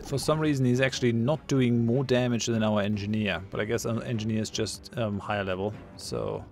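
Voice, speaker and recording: Over soft background music, a gamer chats casually through a ship combat game, muttering, thinking aloud and chuckling at his own jokes. His voice is medium-pitched, a little mellow and fairly even in intonation, and he talks fairly quickly.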